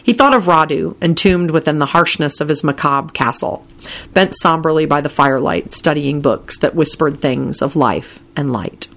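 A woman narrating a story aloud in a calm, measured way. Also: sits low, vocal fry. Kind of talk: storybook reading.

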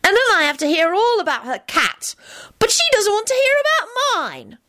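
A woman's voice: very high voice, wildly swooping pitch, moderate pace, pushed and bright, no echo, studio quality, voice pushed up, heavily acted. A woman reading aloud and voicing a curious, blunt young boy. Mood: disgruntled.

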